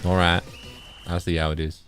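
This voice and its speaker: A man's voice: sits low, monotone, moderate pace, a bit bright, a little hiss or hum. A man from Canada chatting casually and teasingly while playing a game with a friend. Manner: easygoing, playful teasing. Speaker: co-player. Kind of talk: casual gaming chat.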